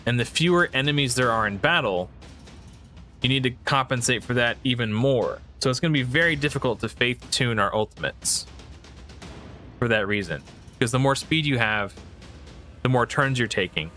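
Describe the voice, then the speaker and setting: Hesitant man thinking out loud. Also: mid-range voice, animated, normal speed, soft background music. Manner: rambling, hesitant, frequent restarts and fillers. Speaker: gaming video creator. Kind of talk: casual thinking-aloud commentary.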